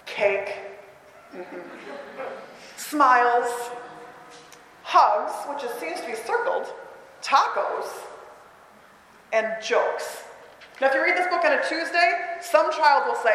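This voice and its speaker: Enthusiastic woman teacher, lively pitch, roomy reverb. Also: unhurried, pauses often, a little hiss or hum. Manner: animated, enthusiastic teacher talk. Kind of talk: picture book read-aloud workshop. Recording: roomy hall with long echo.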